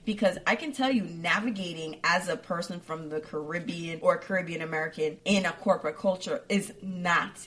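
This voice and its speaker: A woman's voice: lowish voice, a little fast, few pauses. Jamaican woman telling stories animatedly. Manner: animated storyteller, acts out quoted voices. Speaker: podcast host. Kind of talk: casual conversation.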